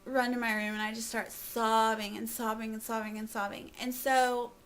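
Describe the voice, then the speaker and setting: A woman's voice: fairly high pitch, little pitch movement, moderate pace, a bit bright. A young woman at home telling an emotional personal story on camera, rambling with lots of "like" and laughing through tears. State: tearful. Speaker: vlogger.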